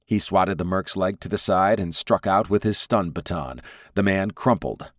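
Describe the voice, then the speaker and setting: A man reading an audiobook as narrator, in measured, even storytelling. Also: low-pitched, no room sound, studio quality. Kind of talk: scripted narration.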